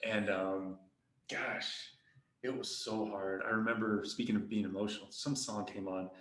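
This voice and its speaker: A man's voice: fairly low pitch, fairly even intonation, moderate pace, a bit bright, roomy sound, a little hiss or hum. A man co-hosting a podcast, chatting candidly and reflectively about his startup's early years. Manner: candid, reflective, laughs often. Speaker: podcast co-host, startup co-founder. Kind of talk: casual chat.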